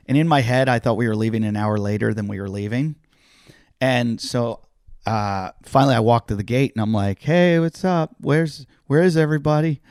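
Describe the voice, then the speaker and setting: A man's voice: fairly low pitch, a little fast, no room sound. Middle-aged comedian guy on a podcast, telling a story, doing everyone's lines, swears a bit, dry close sound. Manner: animated storyteller acting out other people's lines; swears casually. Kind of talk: casual storytelling chat.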